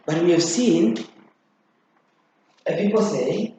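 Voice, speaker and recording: A teacher gives a grammar lesson, repeating key phrases for emphasis and addressing students directly with checking questions. The medium-pitched, slightly mellow voice goes slowly and pauses often, in a very echoey room with faint noise.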